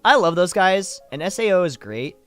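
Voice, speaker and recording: Chatty man with lively pitch. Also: faint music behind. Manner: chatty, animated, laughs easily, swears casually; demonstrates voices with quick shifts. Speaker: voice actor and streamer. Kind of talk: casual livestream chat answering viewer questions.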